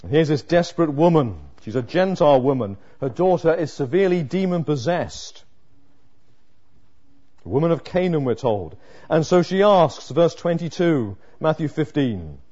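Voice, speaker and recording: A man preaching an expository sermon, dramatic, moving from hushed lines to emphatic ones. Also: fairly high pitch, big pitch swings, normal speed, slightly rough. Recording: muffled lo-fi sermon recording.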